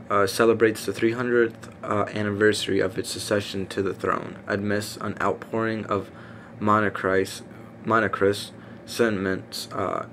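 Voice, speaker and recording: A man reading a list aloud in a casual, halting way, stumbling over names with fillers and self-corrections. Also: fairly low pitch, fairly bright tone. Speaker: reader. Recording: faint background noise.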